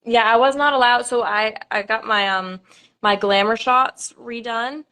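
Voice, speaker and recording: Halting young woman, casual livestream. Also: on the high side, pushed and bright. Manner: halting, lots of ums and nervous laughter. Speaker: pageant contestant.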